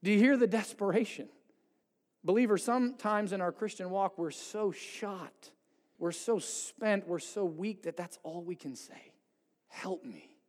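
A man delivers a sermon in a high voice, pressing hard in pleading passages and then dropping almost to a hush. His voice rings out with a long reverb that fills a church sanctuary. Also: a little slow. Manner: swings from pleading intensity to hushed quiet. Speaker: pastor.

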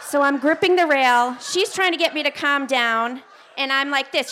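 American woman telling a funny story live on stage, bright voice, pitch a bit up, acts out all the quotes. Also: moderate pace, a little hiss or hum. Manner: animated, self-mocking, acts out quotes. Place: theater stage before an audience.

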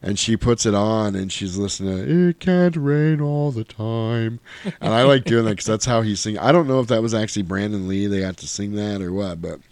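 Man, casual chat, lower voice, dry close sound, lively storytelling, puts on silly character voices. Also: fast, hardly any pauses, no room sound. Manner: animated storyteller, mimics characters in high silly voices, swears. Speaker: podcast host recapping a film.

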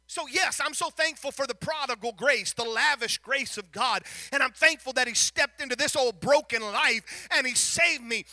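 A middle-aged man preaching a sermon, folksy, quoting scripture, swinging from quiet asides to shouted passages. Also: very high-pitched, normal speed, few pauses, dry recording. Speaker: pastor.

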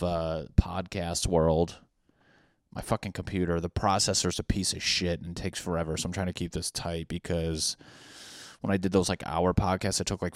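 Young man, podcast host, very low voice, dry sound, rambling comedic rant, lots of swearing. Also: dry recording. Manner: rambling, profane, self-mocking.

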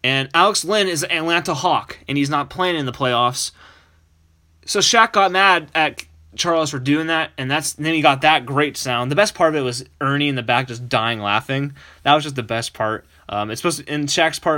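A man's voice: fairly high pitch, moderate pace, bright, forceful tone. A man hosting a sports podcast, chatting casually and laughing along with loose restarts. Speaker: podcast host.

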